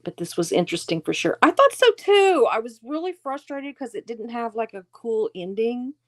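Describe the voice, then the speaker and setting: A woman's voice: a little high, a little fast, darkish tone. A middle-aged woman hosting a casual livestream, chatting in a rambling way, reading viewer comments aloud and laughing often. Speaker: livestream host.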